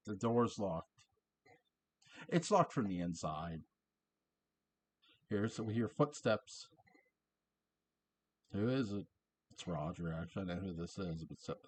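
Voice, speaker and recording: A man's voice: fairly low pitch, slightly rough. A man casually recapping a TV episode, chatty and laughing often, quoting lines in passing. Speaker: show reviewer.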